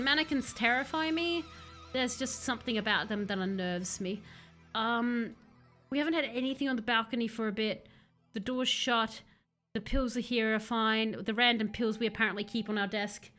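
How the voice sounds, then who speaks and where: A woman's voice: fairly high pitch, fairly even intonation, normal speed, bright, forceful tone, soft background music. A woman streaming a horror game live, chatting jumpily to her viewers as she plays at her computer at home. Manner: jumpy, chatty, talks to chat. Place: home room, playing at a computer.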